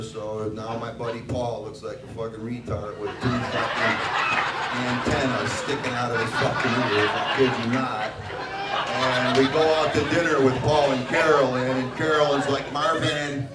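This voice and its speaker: A man's voice: mid-range voice, little pitch movement, moderate pace, a loud crowd. An older man doing a crude, profane stand-up set, acting out the dialogue in his stories. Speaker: stand-up comedian. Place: comedy bar stage. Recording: echoey bar recorded from a distance, noisy.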